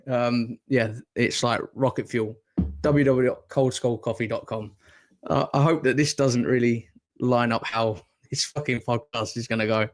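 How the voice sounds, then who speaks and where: A man with a Northern English accent hosts a casual podcast chat. He rambles, swears freely and laughs at his own fumbles. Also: mid-range voice. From Northern England. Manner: rambling, sweary, self-deprecating. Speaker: podcast host.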